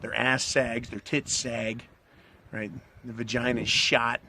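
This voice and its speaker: A middle-aged commentary channel host speaks slowly at medium pitch with little movement, his tone bright and forceful, amid slight background noise. Smoking a cigar, he gives a crude, blunt, rambling to-camera monologue, asking "right?" over and over.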